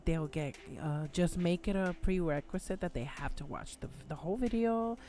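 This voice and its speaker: A woman's voice: fairly low pitch, normal speed, warm tone. A woman with a Spanish accent co-hosting a casual live stream, chatty and sometimes fumbling her words.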